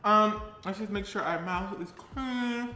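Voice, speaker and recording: A man's voice: high-pitched, a little slow, pushed and bright. A man playing a tired, chatty young woman baker on a live stream, giggling and reading viewer comments aloud. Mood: perky. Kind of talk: character live stream comedy. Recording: roomy echo, faint music.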